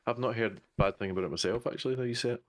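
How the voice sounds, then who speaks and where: A man joining as a guest on a casual livestream film chat, jokey and quick with agreement. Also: medium pitch.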